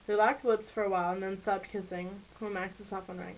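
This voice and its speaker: A woman narrating an amateur story in a plain, unhurried reading. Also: medium pitch, flat delivery, a little hiss or hum, poor audio.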